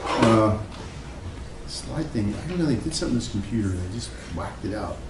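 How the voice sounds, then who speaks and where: A man's voice: fairly low pitch, animated, brisk, heavy background noise. Man lecturing casually to a class. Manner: conversational, loose, with many fillers and asides. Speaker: psychology professor.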